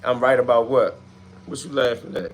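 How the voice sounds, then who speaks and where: A man hosting a casual livestream, reading out viewer comments and answering them with loud, animated trash talk. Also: mid-range voice, normal speed, a little hiss or hum. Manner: trash-talking, animated, street slang. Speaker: livestream host.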